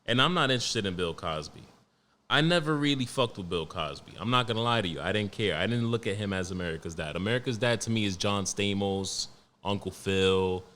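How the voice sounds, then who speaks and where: A young man hosting a solo podcast, talking in a blunt, profane, joking way and reading news out loud. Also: lowish voice, brisk. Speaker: podcast host. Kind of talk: casual solo podcast monologue.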